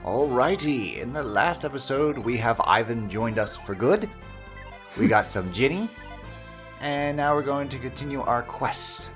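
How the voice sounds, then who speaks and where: Lively, playful man hosting a game playthrough. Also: mid-range voice, unhurried, soft background music. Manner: playful, teasing, upbeat. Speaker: host of a game let's play. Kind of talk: casual gameplay commentary.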